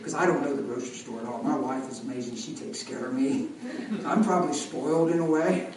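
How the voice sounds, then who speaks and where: A man preaching a sermon as an animated storyteller, swinging between loud bursts and hushed asides. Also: mid-range voice, a little fast, background noise. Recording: echoey hall from far off.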